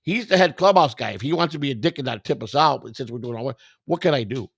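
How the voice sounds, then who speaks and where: A man's voice: medium pitch, fast talker, vocal fry, breathy edge. A man telling a story from his own past in a casual sit-down chat, swearing freely and acting out what other people said. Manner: profane, acts out the dialogue of others. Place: indoors, sit-down set.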